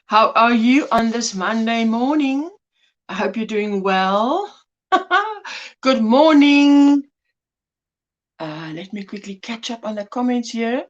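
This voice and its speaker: A woman's voice: a little high, expressive, takes it slowly. A woman hosting a casual livestream, greeting viewers by name with pet names and laughing often. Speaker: livestream host. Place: indoors at home.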